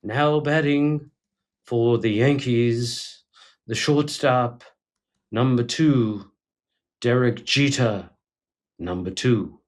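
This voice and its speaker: Man impersonating an old-school stadium PA announcer, slow and grand, older man. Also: medium pitch. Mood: stately. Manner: drawn-out, very slow delivery.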